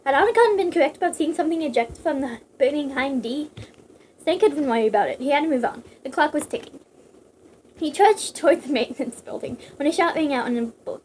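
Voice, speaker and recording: A woman's voice: sits high, a little mellow, a little hiss or hum. A woman reading a novelization aloud, breaking off for giggly, chatty asides. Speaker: reader.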